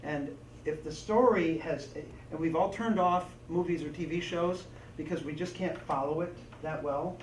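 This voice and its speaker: A man training a group on storytelling, lively, acting out little voices and asides as he teaches. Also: fairly high pitch, normal speed. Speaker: presenter and trainer. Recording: echoey room, distant mic, faint noise.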